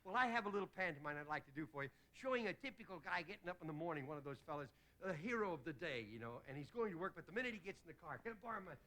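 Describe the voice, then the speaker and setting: A man delivering a stand-up comedy monologue as host, telling rapid jokes and slipping into quick character voices. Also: fairly high pitch, animated, pushed and bright. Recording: hissy old 1960s television broadcast.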